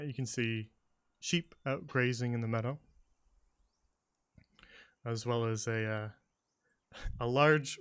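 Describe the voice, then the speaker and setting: A man narrating a tabletop game as game master in a relaxed, hesitant way. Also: mid-range voice, smooth, no echo. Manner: relaxed, hesitant with many "uh" and "kinda".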